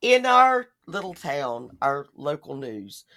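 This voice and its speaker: A woman co-hosts a relaxed chat show and talks with a lot of movement in her pitch. She is blunt and animated and swears freely when she complains. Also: takes it slowly. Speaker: podcast co-host. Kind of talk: casual chat.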